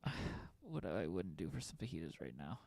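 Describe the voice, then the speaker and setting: A man's voice: sits low, big pitch swings, a little fast, gravelly, a little mellow, dry recording. A man streaming a card game, chatting casually with his viewers and muttering through his plays. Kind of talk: casual commentary while playing a card game.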